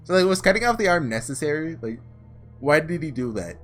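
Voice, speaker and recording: A man's voice: on the high side, very animated, brisk, faint music behind. A man giving rambling commentary in a game playthrough, with lots of "like" and "you know". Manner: rambling, full of "like". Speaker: let's play host.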